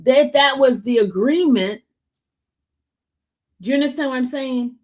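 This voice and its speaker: A middle-aged woman pushes back in a casual debate, speaking with emphatic conviction. She often stammers a repeated "I" before she gets her point out. Her voice sits a little higher than most women's. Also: normal speed.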